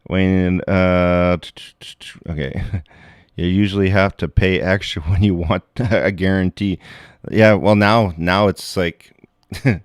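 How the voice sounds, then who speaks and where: A man's voice: low voice, fairly even intonation, slow pace, smooth, dry recording, studio quality. A middle-aged man hosting a live stream, rambling and swearing, laughing at his own jokes. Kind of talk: casual live-stream rant.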